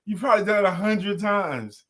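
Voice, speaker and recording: A man banters and teases as co-host of a relaxed live chat show. His voice sits a little higher than most men's, and he tosses out jokes in an easy, playful way. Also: normal speed. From Brooklyn, New York. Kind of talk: casual live-stream chat.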